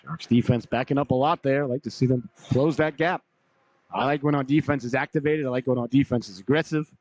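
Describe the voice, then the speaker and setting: A slightly hoarse man calling a live hockey game play by play, brisk name-by-name calls with folksy asides. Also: medium pitch, fairly even intonation, a little mellow, dry recording, lo-fi sound. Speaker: play-by-play announcer.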